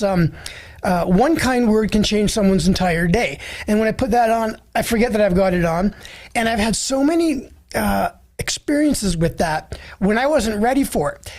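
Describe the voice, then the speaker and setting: A man's voice: high voice, a little mellow. Enthusiastic older male podcast host. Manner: enthusiastic, acts out quoted exchanges. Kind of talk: casual interview chat.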